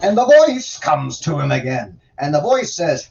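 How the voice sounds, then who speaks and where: A man's voice: on the high side, very animated, a little slow, vocal fry, a little mellow, distant mic, lo-fi sound. A man hosting a livestream, reading scripture aloud and adding sarcastic, profane commentary in a drawling manner.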